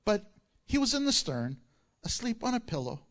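A man's voice: high-pitched, big pitch swings, normal speed, a bit bright. A man preaching a sermon, reading scripture and breaking into joking asides and acted-out quotes. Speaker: pastor.

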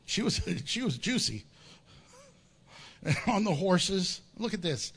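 A man delivers a sermon in a high, bright voice. His pitch leaps and drops constantly as he tells the story with humor and acted-out asides. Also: very animated, slow pace, breathy edge. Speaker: pastor.

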